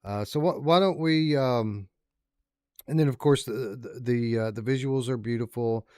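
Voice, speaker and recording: A man's voice: medium pitch, a little mellow, clean tone, dry recording, studio quality. A man co-hosting a podcast, chatting casually through a game review and stopping to restart his sentences. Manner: halting, with many fillers and restarts. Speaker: podcast co-host.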